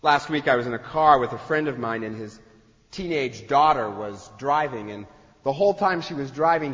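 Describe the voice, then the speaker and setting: Man, pastor giving a sermon, chatty delivery, slightly high voice, long hall echo, dull muffled sound. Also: fairly bright tone. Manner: conversational, acts out quoted voices.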